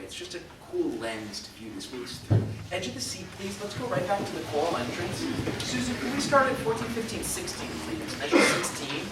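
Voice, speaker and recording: A man leading a choir rehearsal as conductor, brisk and exacting with a wry humor, counting the singers in and demonstrating words for them to repeat. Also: a little high. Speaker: choral conductor. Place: large echoey rehearsal room. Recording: echoey room from far off, noisy.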